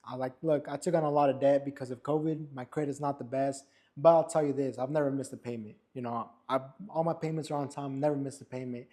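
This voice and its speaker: A young man tells a story in a barbershop, his voice sitting at a middle pitch. He slips into the voices of the people he quotes and talks casually. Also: quick pace, few pauses. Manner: animated, acts out quotes of others. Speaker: barber and podcast co-host.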